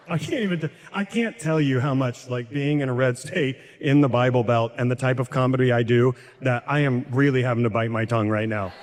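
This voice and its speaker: Self-mocking stand-up comic in a hall. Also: male voice, moderate pace, slight background noise. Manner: self-deprecating, jumps into high-pitched voices for quoted people. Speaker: stand-up comedian. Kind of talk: stand-up comedy set. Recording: echoey hall reverb.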